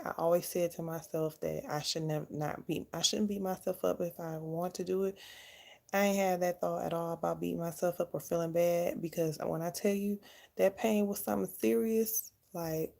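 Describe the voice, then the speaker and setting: A woman's voice: lowish voice, fairly even intonation, moderate pace, creaky, a little mellow. A young woman casually telling her own story to the camera, candid and chatty. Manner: candid, chatty, laughs often. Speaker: vlogger.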